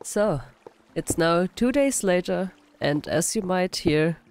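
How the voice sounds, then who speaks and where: Sick hoarse woman doing a slow laid-back let's play, kinda low voice, laughing at herself, soft guitar behind. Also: expressive. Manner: self-deprecating, frequent laughs. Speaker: gaming channel host. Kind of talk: casual let's-play commentary.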